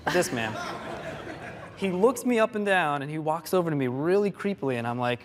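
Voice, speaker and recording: A man speaking as a game developer on a live panel, telling an animated anecdote and laughing often. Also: fairly high pitch, moderate pace, background noise. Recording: long hall reverb from a live panel.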